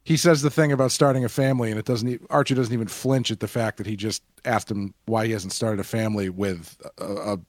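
A man co-hosting a casual podcast discussion, talking in a hesitant way with many pauses and restarts. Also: fairly low pitch, steady tone, dry recording, studio quality. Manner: hesitant, full of fillers and restarts. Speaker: podcast co-host.

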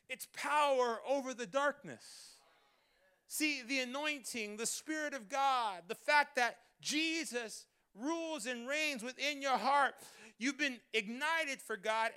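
Pastor guy preaching loud, high sharp voice, really smooth, call and response w the church. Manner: preaching with congregation call-and-response, building to shouts. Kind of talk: sermon. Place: church Christmas service.

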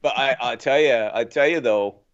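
A man from Nova Scotia co-hosts a hockey podcast in loose, casual chat. He is animated and quick to laugh, and he leans on plenty of "uh" fillers. His pitch is ordinary, and the sound is dull and lo-fi. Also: clear, resonant tone. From Nova Scotia, Canada. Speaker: podcast co-host.

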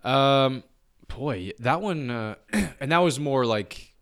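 A man's voice: medium pitch, expressive, takes it slowly, a bit bright, clean tone. A man co-hosting a casual sports podcast, blunt and offhand, swearing now and then. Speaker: podcast co-host.

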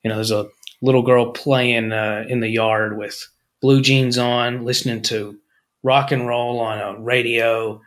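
A podcast co-host tells stories and jokes in a rambling, casual chat, restarting frequently. He speaks at a measured pace in a medium-pitched, level voice.

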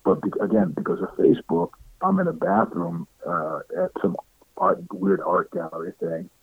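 In a low, sing-song voice with vocal fry and a breathy edge, a middle-aged interview guest tells casual stories at a moderate pace. He acts out what other people said and laughs often, heard over a dry, tinny phone-like line.

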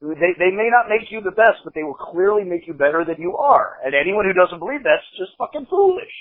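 A man's voice: high voice, big pitch swings, brisk. A man in casual chat, profane and indignant. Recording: tinny phone-like audio.

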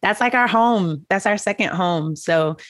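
A woman answering quick-fire interview questions in a bubbly, exclaiming way with frequent laughs. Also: medium pitch, dry recording. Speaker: interview guest, stage performer. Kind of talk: casual interview chat.

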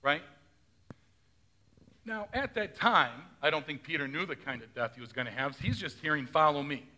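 A man's voice: fairly high pitch, expressive, moderate pace, pushed and bright. A male pastor giving a conversational sermon, often asking his congregation questions and retelling scripture in his own words.

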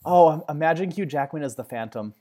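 A man's voice: on the high side, fast, warm tone. A man co-hosting a casual fan podcast, rambling, correcting himself mid-sentence and cracking jokes. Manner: rambling, self-correcting, jokey.

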